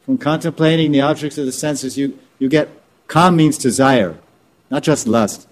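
A man's voice: medium pitch, moderate pace. A man teaching scripture informally, repeating and restarting words as he explains terms. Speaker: spiritual teacher.

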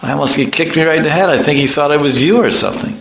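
A man's voice: medium pitch, lively intonation, normal speed, creaky, a bit bright. A man voicing a timid, chubby young Brahmin boy who is easily frightened and talks in a panicky, breathless squeal. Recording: echoey room, faint noise.

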